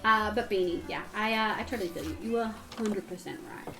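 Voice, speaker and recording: Over music, a young Australian woman streams a game and chats casually and candidly with her viewers, swearing now and then. Her voice is medium-pitched and her pace brisk.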